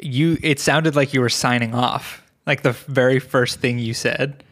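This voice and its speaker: A man's voice: mid-range voice, steady tone, fairly bright tone. Teasing man, guest podcast co-host. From New York. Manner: joking, teasing, quick to laugh. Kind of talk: casual podcast chat.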